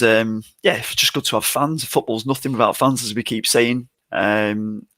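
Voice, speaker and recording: A man's voice: mid-range voice, a bit bright, no echo. An easygoing man chats about football in a mid-range voice. He sounds keen, and the mic is close and dry. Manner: easygoing, enthusiastic football fan. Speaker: podcast co-host. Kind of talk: casual podcast banter.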